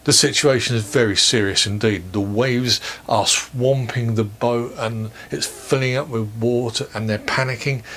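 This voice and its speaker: A man preaching a sermon for online worship, measured and earnest, posing questions to his listeners. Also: medium pitch, a bit bright, slight background noise. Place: church or home, recorded for online worship.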